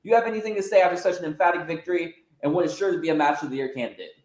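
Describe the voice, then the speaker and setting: A man's voice: on the high side, racing, darkish tone, pitched above the performer's own voice, lightly acted. A man doing a formal veteran ring interviewer. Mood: enthusiastic. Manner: formal, announcer-like. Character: veteran male wrestling interviewer, polite and formal. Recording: roomy echo.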